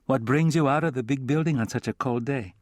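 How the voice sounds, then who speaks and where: A man's voice: mid-range voice, brisk, no room sound, pitched above the performer's own voice, lightly acted. A man voicing a brash, wisecracking female police detective in an audiobook. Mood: teasing. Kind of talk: audiobook character voice.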